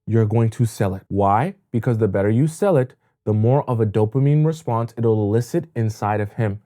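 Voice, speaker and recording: A man's voice: lowish voice, normal speed, dark tone. A man giving dating advice in an emphatic coaching monologue, repeating words for stress.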